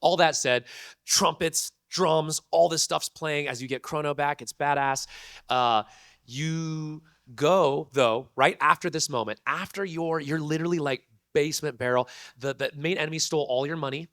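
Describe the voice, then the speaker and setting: A man, a convention panel guest, telling a story to an audience in an animated, laughing way full of slang. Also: fairly high pitch, normal speed, no room sound, studio quality.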